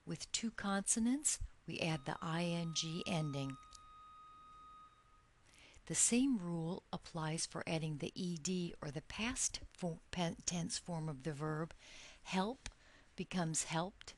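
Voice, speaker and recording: A woman teaching an English grammar lesson in a slightly low voice. She talks very slowly and deliberately, drawing out each example word so it can be followed. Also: a little hiss or hum.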